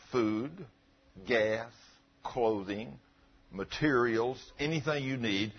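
A man's voice: mid-range voice, lively intonation, normal speed, slightly rough. A middle-aged male pastor preaching in a folksy, earnest, conversational way and quoting scripture, in a dull lo-fi recording. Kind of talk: conversational sermon.

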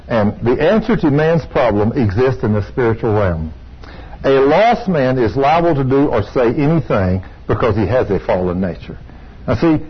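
Older preacher, husky, storytelling sermon with excited praise, dull recording. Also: male voice, mid-range voice. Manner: storytelling, rising to excited exclamations. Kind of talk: sermon with testimony. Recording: dull lo-fi sound.

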